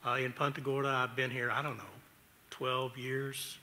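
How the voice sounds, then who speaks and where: A man's voice: mid-range voice, little pitch movement, moderate pace, sharp tone, long reverb tail. A man giving chatty, self-deprecating testimony at a city council hearing, arguing a contrarian view. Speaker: public commenter. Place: council chamber.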